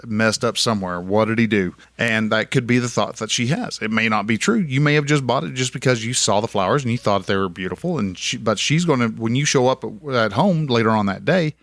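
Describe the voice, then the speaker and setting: A man's voice: mid-range voice, a little fast, few pauses, a bit bright, no room sound. A young man talking casually on his podcast, rambling and folksy, correcting himself as he goes. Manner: rambling, folksy, self-correcting with many restarts. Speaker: podcast host. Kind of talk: casual solo podcast monologue.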